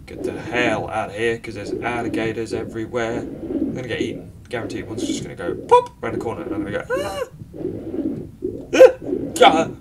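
A man giving sarcastic, self-mocking commentary over a game he plays, breaking into quick outbursts at it. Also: fairly low pitch, little pitch movement, far from the mic, heavy background noise. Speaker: gaming commentator. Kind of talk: let's play commentary.

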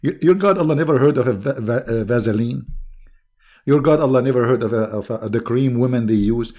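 A man's voice: medium pitch, a little fast, darkish tone. A man with an Arabic accent, hosting an online debate show and delivering a sarcastic, mocking commentary monologue full of laughter. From Arab world.

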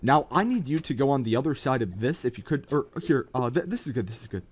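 A man giving jokey, excitable live commentary while playing a mobile shooter game. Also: medium pitch, quick pace, slightly rough. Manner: excitable, jokey, keeps exclaiming in alarm. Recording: loud game gunfire behind. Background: game gunfire and explosions.

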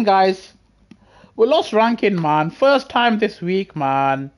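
A young British man chatting excitably to his live chat while playing a racing game on a headset mic. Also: high-pitched, slow pace. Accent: British English. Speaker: gaming livestreamer. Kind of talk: casual live gameplay commentary. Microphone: gaming headset.

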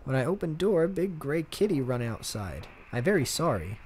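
A man's voice: on the high side, sing-song, normal speed, a little mellow, slight background noise. A man doing an apologetic woman in broken English.

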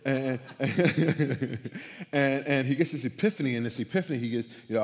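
A man's voice: medium pitch, moderate pace. Man preaching in a long-reverb church hall. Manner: conversational storytelling with many restarts and repeated words. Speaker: guest preacher. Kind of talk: sermon. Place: church stage.

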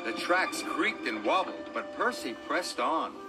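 A man narrating a children's story in a slow, gently expressive way. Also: fairly high pitch. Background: music.

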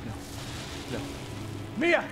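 An actor playing a panicked man pleading with his wife as she turns on him. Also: very slow. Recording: game audio under loud music.

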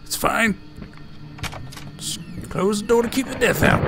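Gravelly guy muttering jokes to himself while playing a horror game, bouncy pitch. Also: expressive, unhurried, over loud music. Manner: joking, mutters to himself, jumpy. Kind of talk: casual let's-play commentary.

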